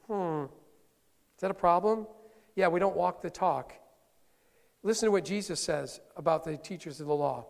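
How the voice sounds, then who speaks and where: A middle-aged man preaching in a church sanctuary, his voice high for a man and gravelly with fry. He keeps it conversational, tossing playful asides to the congregation. The sound carries a long hall reverb. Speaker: pastor. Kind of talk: sermon.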